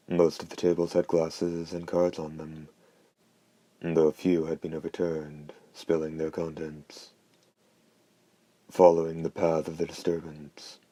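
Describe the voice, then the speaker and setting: A man narrates an audiobook in a steady, unhurried reading. His voice is extremely deep, dark and monotone. The recording is close and completely dry. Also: no room sound. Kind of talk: scripted narration.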